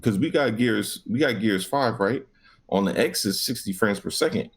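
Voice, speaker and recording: A man's voice: fairly low pitch, expressive, moderate pace, husky. A man co-hosting a gaming podcast, ranting casually with lots of profanity and acted-out back-and-forth. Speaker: podcast co-host.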